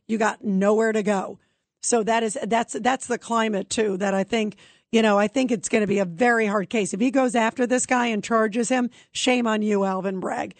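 A woman's voice: fairly high pitch, dry recording. A woman hosting a talk radio show, speaking emphatically and conversationally with many fillers.

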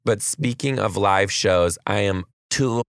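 A playful man in his thirties hosts a joking chat show. His low voice has a gravelly edge. The sound is close and dry, with no room around it. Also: slow pace, no room sound. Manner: playful, teasing. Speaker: comedian and podcast host.

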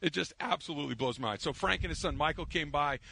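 Male sports radio host, middle-aged, gravelly voice, bright and forceful tone, slightly high pitch, chatty storytelling. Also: fast talker, no room sound. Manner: chatty storyteller, laughs easily. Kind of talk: casual sports talk radio.

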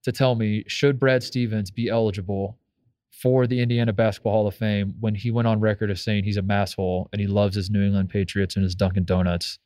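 A live sports radio host with a lowish voice, rambling through his thoughts with many restarts. The mic is close and dry. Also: little pitch movement, a little fast, darkish tone, no echo. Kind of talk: casual sports talk.

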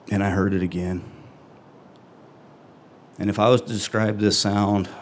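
A middle-aged man telling a true first-person story on stage, earnest and halting, with long pauses between phrases. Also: sits low, a little mellow, a little hiss or hum.

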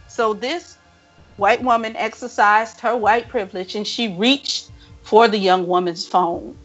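Animated profane woman storyteller. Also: medium pitch, a little slow, muffled recording, soft background music. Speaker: podcast co-host. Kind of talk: casual storytelling chat.

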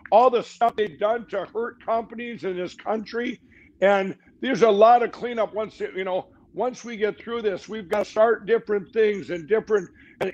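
High-voiced rambling man, dull lo-fi audio. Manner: rambling, restarts, emphatic. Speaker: guest. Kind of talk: fast rambling interview talk.

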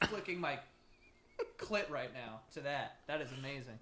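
A young man co-hosting a podcast from a makeshift home studio, joking loudly and crudely in casual banter. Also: mid-range voice, moderate pace. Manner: loud, joking, crude, animated. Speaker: podcast co-host.

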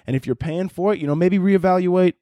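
A young man hosts a casual podcast, swearing freely and rambling as he acts out imagined conversations. His voice sits somewhat high for a man and jumps higher when he gets worked up. The sound is dry and close, with no room echo. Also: a little fast. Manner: profane, animated, rambling, acts out imagined dialogue. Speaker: podcast host. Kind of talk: casual comedic podcast rant.

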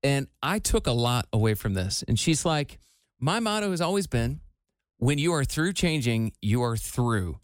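A man's voice: medium pitch, sing-song, normal speed, no echo, clean studio sound. A man in his forties co-hosting a radio show in casual chat, laughing often and restarting his sentences.

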